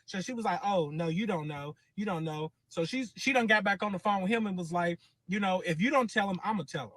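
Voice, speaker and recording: A man's voice: high-pitched, a little fast, hardly any pauses, a bit bright, no echo. A man telling a personal story in a series, dramatic and full of swearing, acting out what others said. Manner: profane, dramatic, quotes others in voices.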